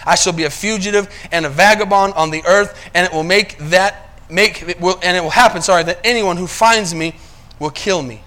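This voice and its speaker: At a normal pace and in a high voice, a male pastor gives a sermon, confirming the congregation is with him. His delivery moves between hushed asides and booming, emphatic passages.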